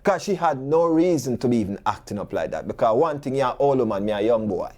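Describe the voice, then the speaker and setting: Jamaican male talk host, warm low-key tone, animated patois storyteller and preacher. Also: a little fast. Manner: preachy, full of rhetorical questions. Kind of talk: talk show monologue.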